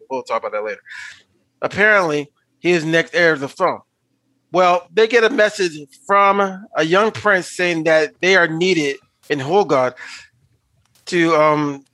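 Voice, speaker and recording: A man hosting a casual podcast, recapping a film in a halting way with fillers and restarts. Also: a little high, pushed and bright, dry recording, rough recording. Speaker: podcast host.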